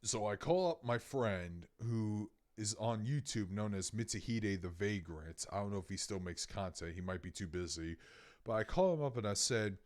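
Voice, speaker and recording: A man in his thirties from Louisiana, a podcast co-host telling an animated, profane story in casual chat. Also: fairly low pitch, moderate pace.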